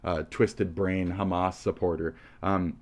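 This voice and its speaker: A man's voice: sits low, level tone, a little slow. A man streaming live, delivering a profane, rambling, combative rant at his viewers. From United States.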